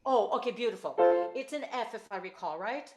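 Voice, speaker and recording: A woman voice teacher coaching a student over a video call, giving quick praise and clear instructions. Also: a little high, lively intonation, echoey room, over loud music. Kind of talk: virtual one-on-one singing lesson.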